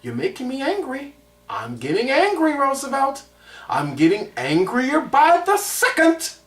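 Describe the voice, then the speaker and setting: A man voicing a stern, menacing male schoolteacher in a low, threatening voice, while telling a story in a vlog. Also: sing-song, slow pace. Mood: angry. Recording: roomy sound from a distant mic.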